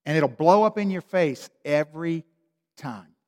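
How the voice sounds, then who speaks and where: Male pastor, emphatic sermon delivery, high-pitched, echoing church hall. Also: unhurried. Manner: animated, emphatic storytelling.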